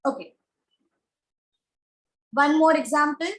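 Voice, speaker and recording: Teaching grammar online, this woman speaks in a high voice with an Indian English accent, slow and deliberate, repeating questions for her students. The recording has an echoey room sound.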